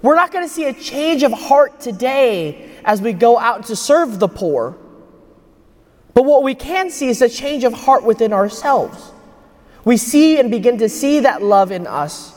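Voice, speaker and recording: A man's voice: very high voice, very animated, unhurried, a little mellow. A young man giving a homily at Mass as a priest, telling a personal story in an earnest way. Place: church. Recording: long church reverb.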